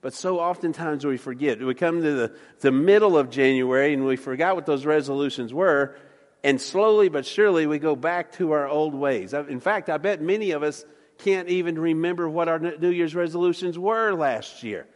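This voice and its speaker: Joking folksy preacher in a reverberant hall. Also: male voice, on the high side, moderate pace. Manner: joking, folksy, stammers and repeats words. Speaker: pastor. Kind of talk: sermon with jokes. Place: church sanctuary.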